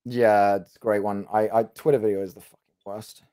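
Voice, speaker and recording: A man's voice: lowish voice, flat delivery, fairly quick, dark tone, clean tone, no room sound, clean studio sound. Stammering defensive male guest. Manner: defensive, stammering, repeats himself. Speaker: guest streamer. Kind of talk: heated debate.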